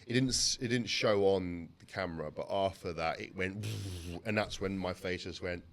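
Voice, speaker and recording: Deep-voiced guy co-host, chill casual chat, lots of mm and yeah. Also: normal speed. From United Kingdom. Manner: laid-back, chimes in with short agreements. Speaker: podcast co-host.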